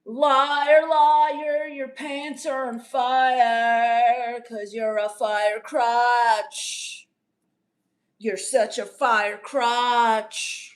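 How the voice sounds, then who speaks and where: A woman's voice: high voice, measured pace, fairly bright tone. A woman playing a bratty, self-absorbed teenage livestreamer who reads viewer comments aloud in a snarky, dismissive way. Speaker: comedian doing a livestream character. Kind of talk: improvised livestream comedy.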